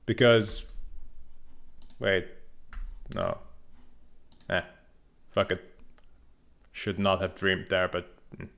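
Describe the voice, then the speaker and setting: A man's voice: deep voice, fairly even intonation, drawn-out words, creaky, long pauses, fairly bright tone. A young man casually commenting on his gameplay, rambling and joking, with frequent restarts. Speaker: game streamer.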